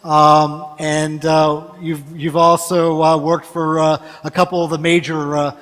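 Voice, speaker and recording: A man's voice: fairly high pitch, little pitch movement, unhurried, a bit bright. A man moderating a forum panel and introducing a guest, stumbling with many fillers. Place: large conference hall. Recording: reverberant hall sound.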